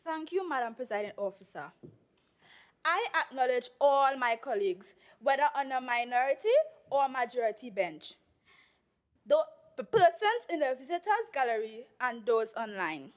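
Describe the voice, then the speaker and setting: A teenage girl with a Tobagonian accent giving an earnest, measured debate speech as a youth assembly member in a legislative chamber, reading from prepared remarks. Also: sits high, expressive.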